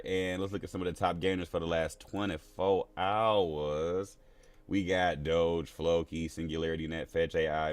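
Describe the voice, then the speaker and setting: A man's voice: low voice, clear, resonant tone, dry recording. A man hosting a live crypto stream in a casual, playful, slangy way, laughing often.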